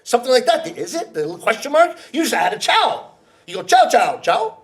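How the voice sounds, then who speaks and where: A man's voice: extremely high pitch, very animated, fast, a bit bright. A man from Canada performing comedy storytelling live on a theater stage, playful and teasing the audience. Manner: playful, teasing the audience, acting out quoted voices. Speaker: rakugo storyteller.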